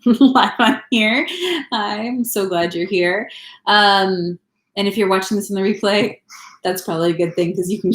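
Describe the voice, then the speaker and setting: A woman in her thirties, originally from California, talks casually on a live stream from inside her home. She's a vlogger who rambles and laughs frequently, and her mid-range voice has a roomy sound.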